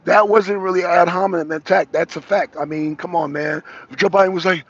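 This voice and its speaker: Gravelly high-voiced man ranting. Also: a little fast, hardly any pauses, no room sound. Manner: rambling, heated, full of restarts and asides. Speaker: political talk show co-host. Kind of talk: opinionated political commentary. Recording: dull lo-fi audio.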